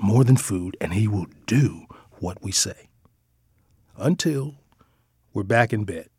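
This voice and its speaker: Husky-voiced man reading a quiet essay. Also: on the low side, no echo. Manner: quiet, often drops into a near whisper. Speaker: father reading his own essay. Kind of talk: reflective personal essay reading.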